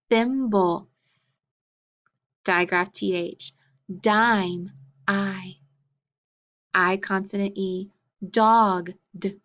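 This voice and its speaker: A woman's voice: mid-range voice, a bit bright. A woman teaching a phonics lesson to children, praising each answer in an encouraging way. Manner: slow, clear drill pace. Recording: dull lo-fi recording.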